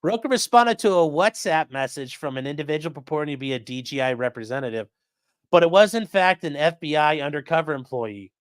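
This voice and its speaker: A man's voice: fairly high pitch, animated, a little fast, clear, resonant tone, no room sound, clean studio sound. A man hosting a casual commentary show who swears freely and acts out the quoted lines in changing voices. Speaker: host.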